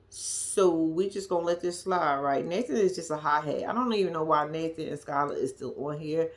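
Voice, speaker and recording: A woman giving a blunt, profane, animated recap of a reality TV episode, dropping to a hush at times. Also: low-pitched, normal speed, hardly any pauses. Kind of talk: casual commentary recap.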